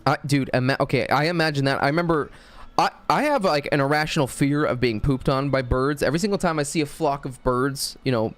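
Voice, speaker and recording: A man's voice: medium pitch, brisk, fairly bright tone. A man streaming a video game, chatting casually in a crude, jokey, rambling way. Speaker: gaming streamer. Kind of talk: casual livestream chat while gaming.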